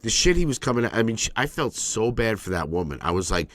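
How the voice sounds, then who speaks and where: Man, podcast host, casual chat, rambling, cussing, swooping voice, lowish pitch. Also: fast, no echo. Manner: animated, rambling, swears freely.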